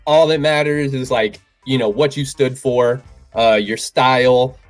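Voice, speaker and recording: A man's voice: medium pitch, fairly even intonation, measured pace, faint music behind. Man as easygoing podcast host, swears casually, calls the guest "bro". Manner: laid-back, swearing, says "bro" and "dude". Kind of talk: casual interview chat.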